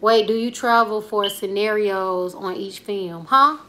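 A woman's voice: mid-range voice, steady tone, measured pace, bright, forceful tone. A woman in her twenties, a comedian chatting casually on a live stream, rambling in slangy talk and reading viewer comments aloud. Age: 20s. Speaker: comedian and YouTuber.

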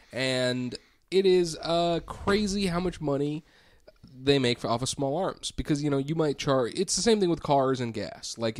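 A man's voice: medium pitch, no echo. A man co-hosting a comedy podcast, explaining facts with wry joking asides. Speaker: podcast co-host. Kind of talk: casual comedy podcast chat.

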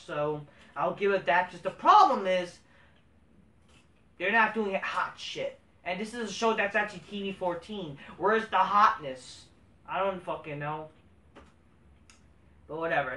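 A man hosting a casual review vlog. He rants with heavy profanity, moving between low mutters and heated outbursts. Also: bright, forceful tone, far from the mic. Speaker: host of a wrestling review channel. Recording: roomy sound, away from the mic.

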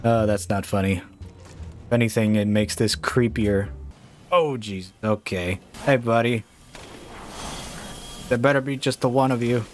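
A man playing a horror game and talking through it casually, with slow, drawn-out remarks that jump to startled shouts and curses. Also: mid-range voice. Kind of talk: casual let's-play commentary.

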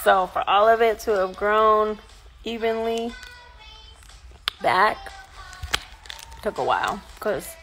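A woman's voice: medium pitch, slow, pauses often, music in the background. A woman who is a mother and vlogger, chatting casually and rambling loosely to her followers.

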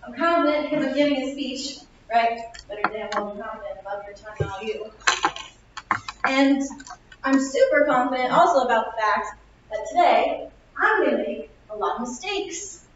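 A woman's voice: high-pitched, moderate pace, noisy background. A woman in her twenties gives a chatty, upbeat, self-mocking motivational speech in a classroom. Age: 20s. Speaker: opening speaker. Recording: echoey lo-fi room recording from far off.

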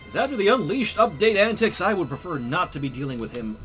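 A young man co-hosting a game playthrough, loud and teasing, swearing often. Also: high voice, big pitch swings, quick pace, music in the background. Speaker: gaming channel co-host. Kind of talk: casual gameplay banter.

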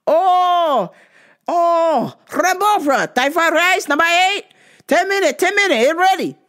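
A woman voicing a hurried restaurant phone worker who speaks broken English in short, repeated phrases. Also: very high-pitched, animated, a bit bright, pitched above the performer's own voice, heavily acted. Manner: clipped, repetitive phrases.

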